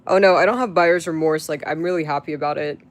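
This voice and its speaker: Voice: mid-range voice, fast. A live streamer chatting casually to viewers, rambling with many fillers and restarts, swearing freely. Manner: crude, profane outbursts at chat.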